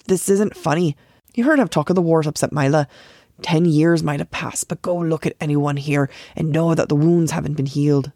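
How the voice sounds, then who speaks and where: A woman's voice: low voice, normal speed, mellow, no room sound, studio quality. A woman reading the part of a doubting older village man and father. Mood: stern. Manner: stern, doubting.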